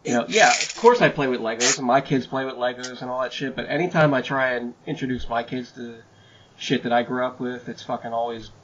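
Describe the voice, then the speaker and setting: A man's voice: medium pitch, brisk, a bit bright, dull audio. Profane man hosting a podcast. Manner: profane, storytelling. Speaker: podcast host. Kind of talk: casual chat.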